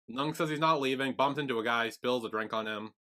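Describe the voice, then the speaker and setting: A man co-hosting a podcast, recapping in a casual, lively way and acting out characters' lines as he goes. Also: medium pitch, a little fast. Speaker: podcast co-host.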